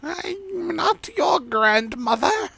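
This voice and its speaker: A man's voice: extremely high pitch, big pitch swings, drawn-out words, vocal fry, pushed and bright, no echo, voice pushed up, heavily acted. A man voicing a decrepit, tiny, very old woman who is prim, formally polite and easily offended. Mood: prim, affronted.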